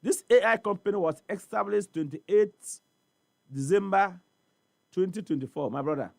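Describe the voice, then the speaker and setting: A man's voice: high-pitched, moderate pace, gravelly, a little mellow, dry recording. A man with a Ghanaian accent, speaking as a studio guest on a morning talk show, emphatic and repetitive, full of rhetorical questions. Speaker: studio guest on port trade. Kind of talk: animated talk-show discussion.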